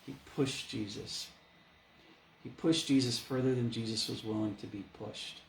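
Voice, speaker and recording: A man preaching a sermon as a pastor, in a lively, conversational way, full of rhetorical questions. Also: mid-range voice, slight background noise. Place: church. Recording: echoey church room.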